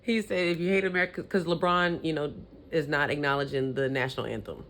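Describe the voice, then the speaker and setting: A woman's voice: low voice, steady tone, fast talker, fairly bright tone, a little hiss or hum. A young adult woman vlogging, giving sassy, opinionated sports commentary with petty trash talk.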